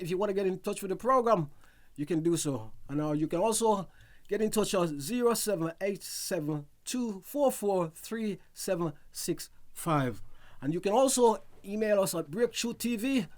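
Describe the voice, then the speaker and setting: A man hosting a call-in talk show, often repeating phrases as he searches for words. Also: high-pitched.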